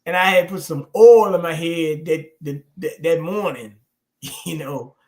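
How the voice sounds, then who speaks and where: A man hosting a livestream chat, telling stories in an animated way, swearing and laughing. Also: on the high side, measured pace. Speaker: show host. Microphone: streaming call.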